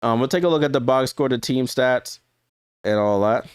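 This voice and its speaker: Smooth and medium-pitched at a moderate pace, this man streams casual, chatty basketball play-by-play. He keeps correcting himself mid-sentence and laughing at his mistakes, recorded with studio quality and no echo.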